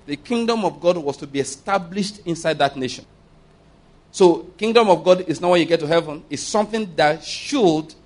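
Male preacher, higher register, emphatic sermon delivery, calls for amens. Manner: emphatic, asks the congregation for amens, laughs mid-point.

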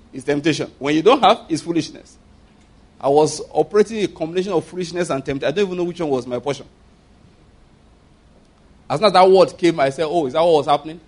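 Emphatic Nigerian preacher, fairly high voice. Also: male voice, darkish tone. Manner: emphatic, repeats phrases, acts out quoted speech. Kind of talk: sermon.

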